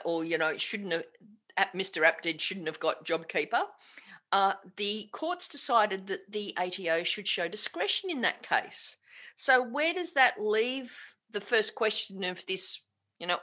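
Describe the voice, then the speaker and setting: A woman's voice: mid-range voice, sharp tone. An Australian woman, a tax agent, chatting candidly in an interview, rambling with frequent restarts and self-corrections.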